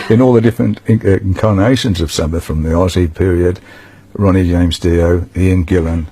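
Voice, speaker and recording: A man recalling touring memories in an interview, halting with fillers. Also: low voice, warm tone, husky. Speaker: musician interviewee. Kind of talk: interview recollection.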